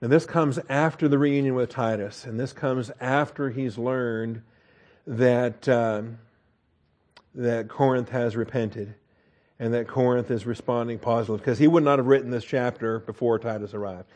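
A man's voice: mid-range voice, steady tone, normal speed, darkish tone. A man teaching a verse-by-verse Bible study in a casual, conversational way, with frequent fillers, restarts and "okay?" checks. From United States.

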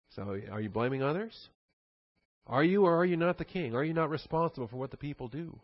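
A man teaching a Bible passage verse by verse in a conversational sermon style, with animated, sarcastic asides. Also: a little high, a little fast, no echo, dull audio.

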